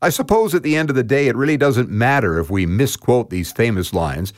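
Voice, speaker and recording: A man's voice: medium pitch, expressive, a little fast, dry recording, clean studio sound. A man hosting a short scripted radio commentary segment, talking in a wry, conversational way. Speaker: host of a short talk segment.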